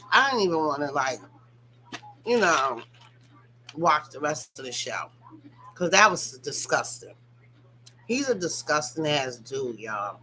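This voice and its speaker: This is a young woman gossiping about reality TV. Her voice is bright and carries an edge. She talks right to her audience and swears easily, over a faint hum in the background. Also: fairly low pitch, poor audio. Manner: animated, profane, talks straight to viewers. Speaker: commentary channel host. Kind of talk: casual reality-TV gossip commentary.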